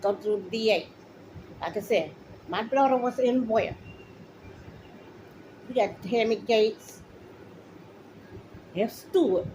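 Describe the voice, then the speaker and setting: A woman's voice: a little high, slow pace, pauses often, mellow, a little hiss or hum, rough recording. A middle-aged woman, a mother, ranting straight to the camera, accusing officials directly and repeating her points. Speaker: mother speaking out. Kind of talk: angry direct-to-camera rant.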